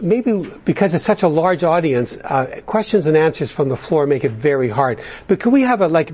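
Husky-voiced man leading a recovery workshop. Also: a little high, darkish tone. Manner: blunt, conversational, with many restarts. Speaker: workshop speaker. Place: large meeting room.

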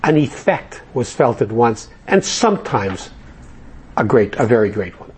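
A man's voice: mid-range voice, very animated, unhurried, a little hiss or hum. A man speaking to a recovery group, telling jokes and stories in a loose, conversational way with fillers. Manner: conversational storyteller, jokey, with fillers.

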